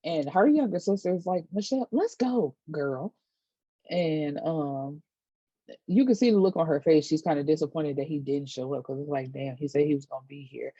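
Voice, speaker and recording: A woman vlogger casually recapping a TV episode, chatty and animated, acting out quotes and dropping side comments. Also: deep voice, fairly quick, breathy edge, no echo, muffled recording. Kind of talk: casual chat.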